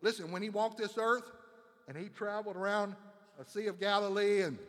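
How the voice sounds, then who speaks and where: A man's voice: sits high, steady tone, a little fast, a bit bright, long reverb tail. A man preaching a sermon with fervent, repetitive emphasis, building phrases up again and again.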